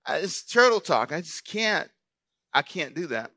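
Lively preaching man, bright and dry. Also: on the high side, a little slow, no room sound, a faint crowd. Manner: preachy, playful, calls to the congregation. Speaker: pastor. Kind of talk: sermon.

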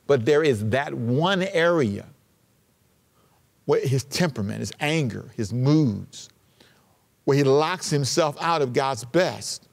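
A man preaching a sermon, slowing to read scripture and rising sharply in pitch for emphasis. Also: lively intonation, creaky, in a large hall. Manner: preaching with dramatic pauses and sudden rises in pitch; slows down to read scripture aloud. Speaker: pastor.

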